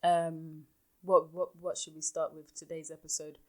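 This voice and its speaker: Woman, podcast host, lowish voice, blunt and exasperated. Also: little pitch movement, moderate pace, warm tone. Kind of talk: casual recap chat.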